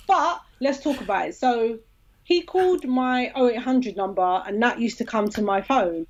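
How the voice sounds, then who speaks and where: A woman's voice: a little high, moderate pace, dull audio. A woman, a podcast guest telling a story in casual chat and acting out the quoted dialogue. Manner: lively, acts out quoted dialogue.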